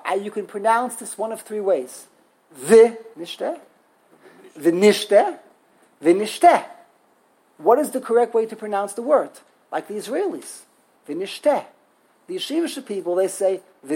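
A woman's voice: mid-range voice, dark tone, breathy edge, poor audio. A woman teaching Hebrew grammar in a classroom lesson, emphatic, often repeating herself and sounding out words syllable by syllable.

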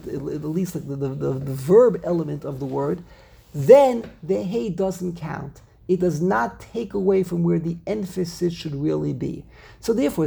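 A man's voice: high-pitched, vocal fry, warm tone, husky. A man teaching a classroom lesson on Hebrew grammar, explaining step by step and repeating words as he thinks. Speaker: Torah teacher.

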